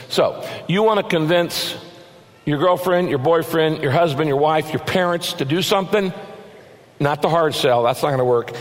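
A male pastor giving a sermon in a large church, earnest and slowing down to stress the verses he reads. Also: fairly high pitch, lively intonation, long reverb tail. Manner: earnest, varies pace, slows to stress scripture.

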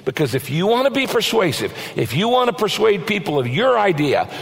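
A male pastor giving a sermon in a large church, earnest and slowing down to stress the verses he reads. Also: high voice, big pitch swings, gravelly, big-room sound. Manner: earnest, varies pace, slows to stress scripture.

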